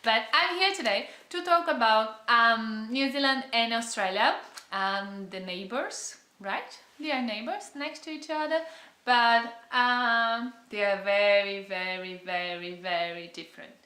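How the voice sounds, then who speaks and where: Young Brazilian-accented woman, casual vlogger who hunts for words, bright voice recorded in a roomy, echoing space. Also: a little high, measured pace. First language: Portuguese. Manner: chatty, searching for words, frequent fillers. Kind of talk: casual chat to camera.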